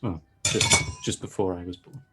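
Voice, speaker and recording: A man's voice: low-pitched, fairly even intonation, moderate pace, loud music behind the voice, voice pushed down, natural voice. A man playing an easygoing young soldier who answers in a plain, offhand way.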